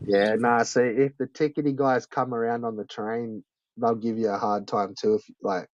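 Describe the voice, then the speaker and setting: A man's voice: medium pitch, normal speed, background noise. A man casually telling a story, swearing often and filling his speech with "like". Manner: swears a lot, heavy use of "like", animated retelling. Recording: dull lo-fi dry recording.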